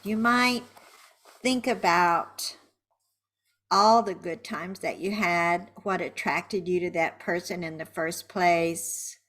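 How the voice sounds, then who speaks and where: A middle-aged woman coaching a guided tapping session, speaking slowly and soothingly, then voicing loud angry phrases for viewers to repeat. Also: medium pitch.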